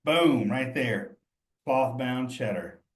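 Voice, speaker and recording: A man's voice: mid-range voice, slow pace. Chatty man teaching in an echoey room. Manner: chatty, addresses students directly, thinks aloud. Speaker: cheese instructor. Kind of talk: live online study session. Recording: roomy echo.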